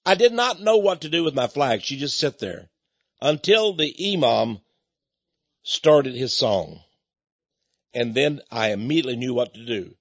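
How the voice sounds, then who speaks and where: A man delivers opinionated news commentary in a high, very animated voice with a husky edge. He leans into sarcasm and exclamations, dropping to hushed asides and jumping to sudden outbursts. The recording is dry and dull, lo-fi. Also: dry recording. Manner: sarcastic, exclamatory, dramatic swings between loud and soft. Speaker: commentary host.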